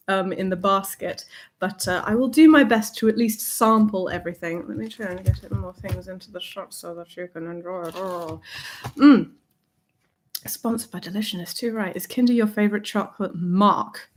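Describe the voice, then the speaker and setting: A young woman chats her way through a casual livestream from a desk mic, playful and quick to laugh. She reads out viewer comments and now and then slips into a soft whisper. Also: mid-range voice. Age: young adult. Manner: drops to a soft whisper at times. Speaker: livestream host.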